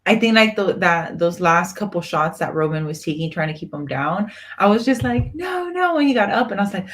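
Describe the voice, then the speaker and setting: Animated woman chatting about wrestling. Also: a little fast, a little hiss or hum. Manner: animated, laughing, swings up in pitch. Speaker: podcast co-host. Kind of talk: casual wrestling chat.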